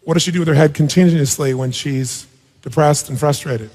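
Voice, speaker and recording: A man coaching a participant on stage at a live seminar, firing rapid, blunt and sometimes profane questions at her and the crowd. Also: fairly high pitch, a little mellow. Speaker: self-help speaker coaching a participant on stage. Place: large auditorium. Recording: long reverb of a big hall.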